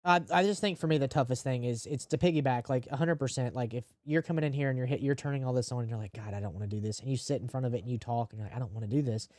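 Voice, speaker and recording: A man hosting a gaming podcast, speaking candidly and emotionally, with deadpan jokes. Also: medium pitch, very fast, hardly any pauses, no room sound, studio quality. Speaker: podcast host and live streamer. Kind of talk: casual podcast chat.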